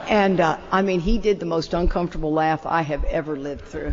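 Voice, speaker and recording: An older woman, an animated and self-deprecating storyteller, telling a long personal story as the opening speaker of a talk. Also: fairly low pitch, brisk, few pauses. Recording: muffled roomy hall.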